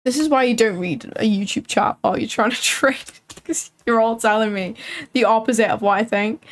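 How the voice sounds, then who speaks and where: A woman's voice: fairly high pitch, creaky. A woman hosting a live trading stream, chatting casually and thinking aloud with frequent filler words. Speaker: livestream trading host.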